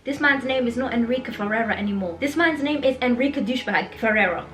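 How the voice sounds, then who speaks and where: A young woman chatting in a casual reading vlog, animated and outspoken, swearing freely as she reacts to a book. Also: fairly high pitch, quick pace, soft background music. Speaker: book vlogger. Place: home, indoors.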